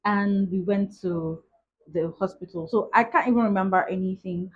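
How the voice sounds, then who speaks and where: A young woman vlogger with a mid-range voice tells a personal story to camera at a normal pace. She's chatty and retells events with lots of "like" asides, on a dull lo-fi recording with a bit of hiss or hum.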